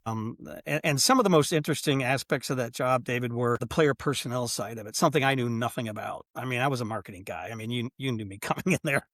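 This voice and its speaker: Fast and with hardly any pauses, an older man's medium-pitched voice comes through clean studio sound without echo. He's a sports executive on a podcast, casually sharing stories. Animated throughout, he acts out quoted exchanges from years past.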